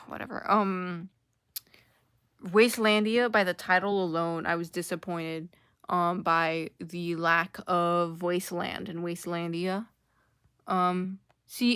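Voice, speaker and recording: A woman's voice: fairly low pitch, fairly bright tone, smooth, dry recording, clean studio sound. A young woman giving a sarcastic, casual commentary rant full of filler words. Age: young adult. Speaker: commentary YouTuber.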